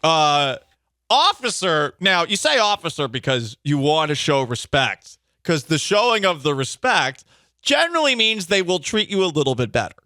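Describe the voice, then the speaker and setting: A man hosting a sports radio show, talking in a bright, forceful voice with wry, opinionated jokes. The sound is dry and close, like a studio mic in a small booth. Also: on the high side, very animated, moderate pace, dry recording. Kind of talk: casual sports talk radio.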